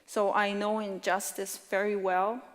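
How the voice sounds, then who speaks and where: A middle-aged woman activist giving a brisk, earnest conference talk, now and then stumbling over her words. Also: mid-range voice, level tone. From Canada. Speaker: activist speaker. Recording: long hall reverb.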